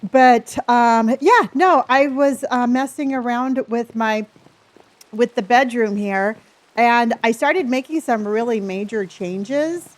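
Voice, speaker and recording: A woman's voice: fairly high pitch, slow. A middle-aged woman chatting casually with viewers on a live stream, bubbly and talkative, greeting and thanking them by name.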